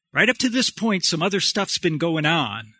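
A male pastor delivers a sermon in a high, bright voice that swings widely in pitch. He speaks slowly and with emphasis, repeating key words and putting questions to his listeners. The recording is dry, with almost no room sound. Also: no room sound. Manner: emphatic, repetitive, questions the congregation.

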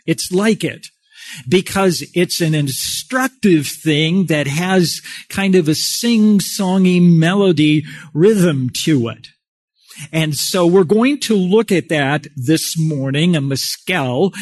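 Slow-speaking folksy male pastor. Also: on the high side, dry recording, studio quality. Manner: folksy and conversational, with self-deprecating humor. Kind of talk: sermon.

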